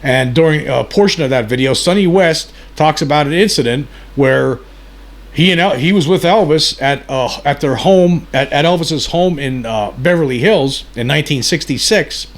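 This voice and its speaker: A man's voice: fairly high pitch, normal speed. A man hosting his channel, giving casual, rambling commentary that drifts between side points. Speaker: channel host.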